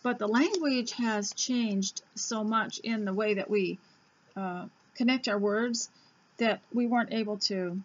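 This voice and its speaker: A woman host reading an old school reader aloud, breaking off into chatty asides and admitting she talks too fast. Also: mid-range voice. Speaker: homemaking radio host. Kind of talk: casual reading lesson. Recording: dull lo-fi recording.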